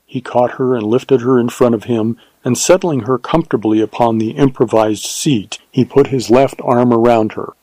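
A man reading a western novel aloud as narrator, in a measured, even storytelling manner. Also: mid-range voice, dry recording, low-quality recording. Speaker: audiobook narrator. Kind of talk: scripted narration.

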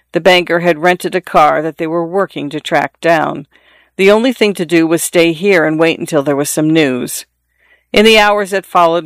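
A man narrates a literary novel with a measured, unhurried storytelling delivery. His voice sits somewhat high for a man and sounds smooth and resonant. The recording is dry and close, with no room sound. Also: no room sound. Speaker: audiobook narrator.

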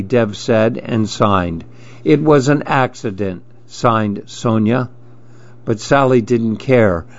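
A man reading children's picture books aloud, gently lifting his voice for the children's lines. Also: medium pitch, lo-fi sound. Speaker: storybook reader.

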